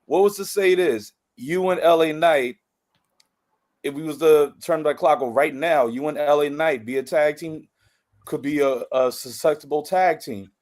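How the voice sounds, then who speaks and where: A man co-hosting a podcast, chatting casually in an excitable, playful way with sudden bursts of emphasis. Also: on the high side, normal speed. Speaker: podcast co-host. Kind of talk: casual interview chat.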